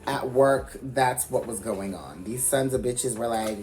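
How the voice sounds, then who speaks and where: A man's voice: fairly low pitch, moderate pace, few pauses. A man chatting candidly through a makeup tutorial, rambling and swearing freely. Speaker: makeup vlogger. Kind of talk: casual chat during a makeup tutorial. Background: music.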